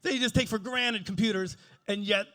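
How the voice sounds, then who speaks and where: A man's voice: high voice, fairly even intonation, normal speed, pushed and bright. A man in his forties doing a stand-up comedy set, crude, playful and self-mocking as he riffs with the audience. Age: 40s.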